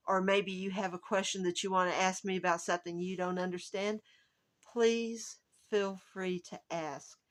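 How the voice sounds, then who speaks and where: A woman's voice: mid-range voice, fairly bright tone. A woman hosting her own video channel, talking casually and rambling with lots of fillers and restarts. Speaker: genealogy channel host. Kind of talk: casual chat to viewers.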